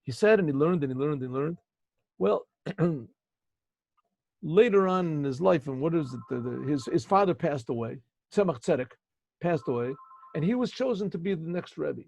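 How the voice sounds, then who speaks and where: A man's voice: fairly high pitch, expressive, normal speed, creaky, a little mellow. A male rabbi telling a story in a chatty, digressive way, checking in with his listeners, on a video call with dull lo-fi audio. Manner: conversational, digressive, asks listeners. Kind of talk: storytelling lesson.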